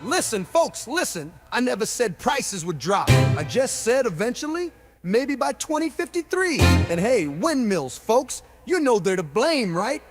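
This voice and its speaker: A man's voice: very high voice, sing-song, measured pace, heavily acted. A man voicing a blustering male politician who shrugs off blame in a folksy, wheedling way. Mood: defensive. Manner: folksy, wheedling, repeats 'folks'. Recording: voice over loud ska backing music.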